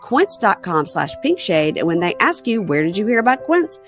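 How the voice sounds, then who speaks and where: A woman's voice: medium pitch, very animated, normal speed, soft background music. A woman hosting a podcast, recapping a show in a chatty, gossipy way. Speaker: podcast host. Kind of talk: casual chat and recap.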